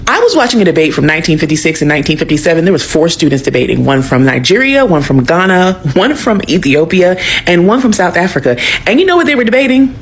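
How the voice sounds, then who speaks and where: Sassy female commentator with a deep voice, casual, faint rumble in the background. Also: sing-song, quick pace, hardly any pauses. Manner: sassy, teasing.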